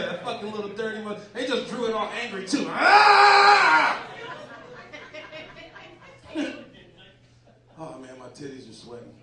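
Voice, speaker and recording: Brash comic in an echoey club. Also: male voice, high-pitched. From Boston. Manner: brash, profane, loud punchlines. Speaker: stand-up comedian. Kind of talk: stand-up set. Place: comedy club stage. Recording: echoey club, distant mic, crowd laughter. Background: audience laughter.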